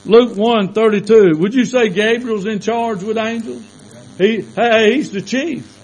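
A man with a strikingly high voice preaches a fervent sermon. He fires rhetorical questions at the congregation and punctuates his points with repeated calls of amen. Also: unhurried, darkish tone, rough recording.

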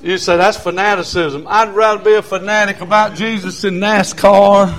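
An older man, preaching a sermon as pastor in a folksy storytelling way, swinging from quiet talk to shouting. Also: high voice, steady tone, normal speed.

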